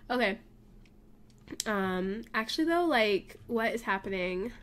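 A woman casually commenting on her life-sim game, gushing and excitable over her pets. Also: mid-range voice, unhurried, long pauses. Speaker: gaming YouTuber. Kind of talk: casual let's play commentary. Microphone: desk mic, facecam.

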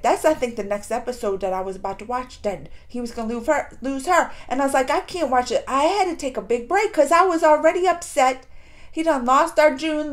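A woman hosting a casual reaction video, retelling scenes in an animated, exasperated way with frequent laughs. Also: high-pitched.

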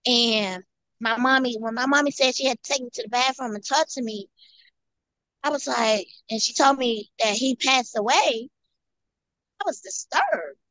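A woman guest tells her own story in an earnest, halting way, looping back over phrases as she goes. Her voice sits a little high, and the recording is dry with no room sound. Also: fairly bright tone, no echo. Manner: halting, repeats and restarts phrases. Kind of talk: personal testimony.

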